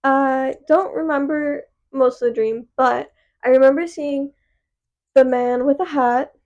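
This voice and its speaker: High, gravelly young woman telling stories. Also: unhurried, a little mellow, dull audio. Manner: chatty storytelling with many "like" fillers. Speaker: podcast co-host. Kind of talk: casual chat.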